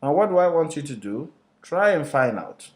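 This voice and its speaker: A man teaching a recorded lesson, explaining deliberately and putting rhetorical questions to his students before answering them himself. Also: a little high, sing-song.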